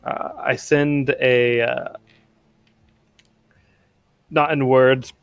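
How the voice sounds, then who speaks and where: Man player, slow and gravelly, dry close sound, hesitant. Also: medium pitch, level tone, dry recording. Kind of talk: tabletop role-play.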